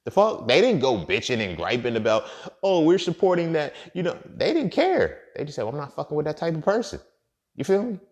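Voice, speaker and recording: A man hosting a podcast and speaking a casual monologue, blunt and profane, repeating his points. He swings from loud emphatic outbursts to quiet muttered asides. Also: a little high, sing-song, brisk. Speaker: podcast host.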